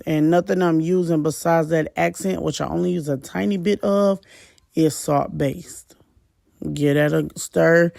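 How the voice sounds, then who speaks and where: A woman's voice: low-pitched, creaky, dry recording, clean studio sound. A woman narrating her cooking in a casual, chatty way, speaking straight to her viewers with loose, informal talk and the odd curse word. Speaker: home cook vlogger. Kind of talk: casual cook-along narration.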